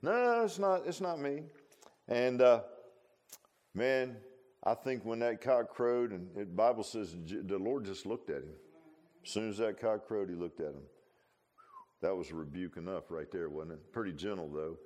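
A man's voice: deep voice, normal speed, dark tone. A man preaching a sermon in a folksy, conversational way, full of rhetorical questions and asides.

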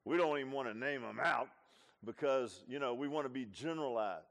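A man preaching a sermon in a folksy, conversational way, his voice climbing to shouts and then dropping to a hush. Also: medium pitch, fairly quick, gravelly. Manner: folksy, swings from hollering to hushed. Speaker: pastor. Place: church.

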